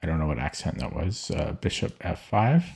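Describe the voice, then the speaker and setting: A man's voice: very deep voice, sing-song, normal speed, vocal fry, a little mellow, husky. A man streaming chess, thinking aloud in a hesitant, muttering way as he works through puzzles and counts them off.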